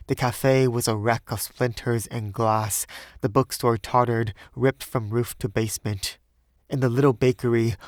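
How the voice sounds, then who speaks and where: A man's voice: medium pitch, no room sound. Man reading an audiobook, dry close sound. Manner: rambling, self-deprecating chat in the afterword. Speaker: audiobook reader. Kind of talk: audiobook narration with casual afterword.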